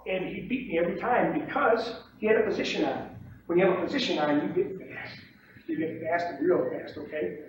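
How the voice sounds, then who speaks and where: A man teaching trading to a room of trainees, lively, acting out the shouts and voices of traders on the floor. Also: sits high, fairly quick. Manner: animated, acts out pit shouts and mimics other traders. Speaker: trading instructor. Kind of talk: lecture to trainees. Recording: distant echoey room, dull lo-fi tape with faint hiss.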